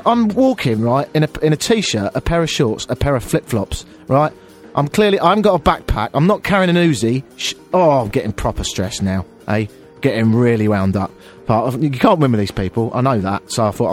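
A man's voice: mid-range voice, expressive, a little fast, faint music behind. A man telling an exasperated, self-deprecating story on air as a radio host.

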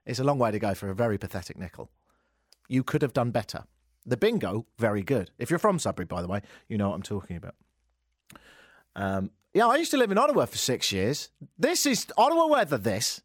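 Radio host ranting, lively pitch. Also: male voice, fairly quick, no echo, clean studio sound. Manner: sarcastic ranting, swings from mutters to loud exclamations. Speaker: radio talk show host. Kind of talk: comic radio monologue. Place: radio studio.

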